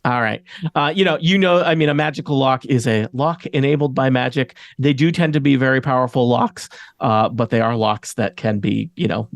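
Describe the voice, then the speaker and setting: A man's voice: mid-range voice, moderate pace, gravelly, no room sound. A man narrating a tabletop game as game master, rambling with many fillers and chuckles.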